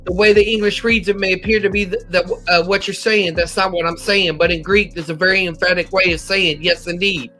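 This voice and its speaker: Casting: American male Bible teacher, high and bright voice, methodical, faint music underneath. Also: steady tone, brisk, few pauses. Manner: methodical, cites chapter and verse, occasional slips. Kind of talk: scripture lesson.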